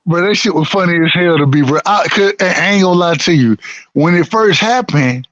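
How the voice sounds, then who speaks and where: A man's voice: high-pitched, moderate pace, a bit bright, no room sound. A man from the United States, chatting casually about boxing in a laid-back, profane way and repeating himself a lot. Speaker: boxing podcast co-host. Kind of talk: casual chat. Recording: dry, slightly dull sound.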